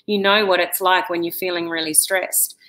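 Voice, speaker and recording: A woman's voice: fairly low pitch, steady tone, normal speed, fairly bright tone, poor audio. A middle-aged woman talking casually to camera, giving advice in a chatty, direct way with lots of fillers. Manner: chatty, direct, with many "you know"s. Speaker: vlogger giving life advice.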